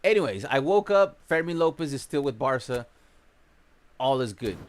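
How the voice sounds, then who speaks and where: A man hosting a gaming livestream in casual chat, chatty and greeting viewers by name, his voice a bit rough from just waking up. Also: mid-range voice, expressive, normal speed.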